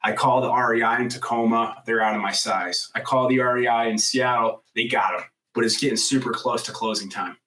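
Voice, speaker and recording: A man in his thirties, a podcast guest telling a personal story in casual interview talk, animated and full of "like" fillers. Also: mid-range voice, a little fast, few pauses, far from the mic, rough recording. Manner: animated storyteller, acts out quoted voices loudly; frequent "like" fillers, swears casually.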